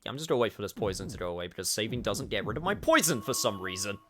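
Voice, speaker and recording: A streamer with a fairly low voice races along in a sing-song, bright, forceful way, chatting to viewers and cursing now and then as he plays. There's a little hiss or hum, plus faint game music behind.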